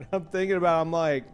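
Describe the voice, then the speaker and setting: A man streamer chatting casually to his viewers, rambling with lots of fillers and restarts, soft music behind him. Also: fairly high pitch, clean tone.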